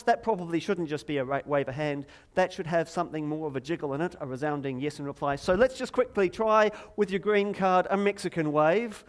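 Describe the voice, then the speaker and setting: A middle-aged man preaching a lively, joking sermon from a church stage, chatty and self-deprecating, drawing the congregation in. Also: on the high side. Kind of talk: playful sermon with audience participation.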